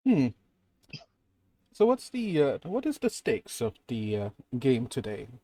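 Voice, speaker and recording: A man's voice: medium pitch, huge pitch swings, unhurried, mellow. A man playing a tabletop game, playfully mixing his character's moves with in-character lines. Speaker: player.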